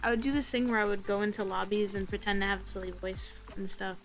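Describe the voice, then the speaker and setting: A woman's voice: mid-range voice, steady tone, quick pace, faint music behind, poor audio. A young woman streaming while she draws, chatting casually in a rambling, self-deprecating way full of fillers. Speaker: art streamer.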